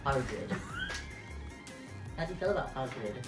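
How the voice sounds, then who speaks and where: A woman, a drag performer, co-reading a fanfic with playful, teasing, drawn-out delivery. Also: deep voice, lively intonation. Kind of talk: comic dramatic reading of a fanfic. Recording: echoey room with clear music behind.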